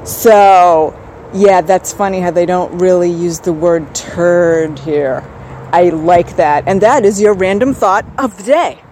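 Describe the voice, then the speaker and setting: A woman's voice: fairly low pitch, slow, mellow, a little hiss or hum, rough recording. A woman hosting a podcast, talking in a chatty, wry and rambling way. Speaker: podcast host. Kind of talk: casual solo podcast chat.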